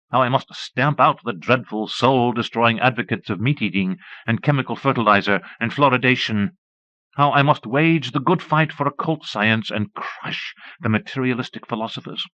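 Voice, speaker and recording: A man's voice: mid-range voice, fairly bright tone, no echo, pitched above the performer's own voice, natural voice. A man voicing a gushing, pompous self-styled duchess in an audiobook, with a simpering, scornful manner, on a dull old cassette recording. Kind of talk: audiobook character voice.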